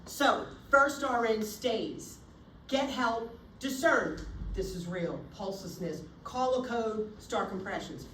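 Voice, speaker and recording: A woman's voice: a little high, takes it slowly. A woman nursing instructor lectures with theatrical flair and acts out scenes at the bedside. Her voice carries through an echoey room and comes from a distance. A faint hum of the room sits behind her. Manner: animated, theatrical, acts out scenarios. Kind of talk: classroom lecture. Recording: echoey room, recorded from afar.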